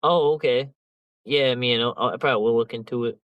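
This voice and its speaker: A man's voice: medium pitch, fairly quick, no echo, dull audio. Slangy, rambling young man. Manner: rambling, slangy and profane, lots of filler. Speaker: podcast host. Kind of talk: casual chat.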